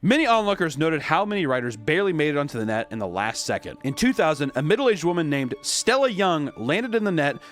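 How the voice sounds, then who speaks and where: A man's voice: on the high side, fast, hardly any pauses. Brief: young male host, casual and profane, voice leaps all over, faint music behind. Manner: casual, swearing, animated. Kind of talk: comedic commentary.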